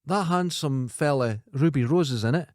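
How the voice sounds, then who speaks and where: A man's voice: medium pitch, a little mellow, dry recording, clean studio sound. Blunt, jokey Scottish man. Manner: jokey, blunt, quick to mock. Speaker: podcast co-host. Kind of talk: casual podcast chat.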